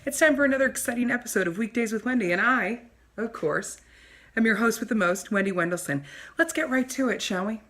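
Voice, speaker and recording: Woman putting on a shrill, rude, vain female chat-show host for a comedy sketch. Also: fairly bright tone. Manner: snooty, insulting, showy.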